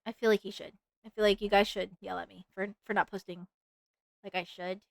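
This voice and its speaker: A woman's voice: mid-range voice, flat delivery, brisk, vocal fry, dry recording. A woman streamer chatting casually while drawing, rambling and playful, with lots of fillers and the odd sing-song bit. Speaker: VTuber streamer.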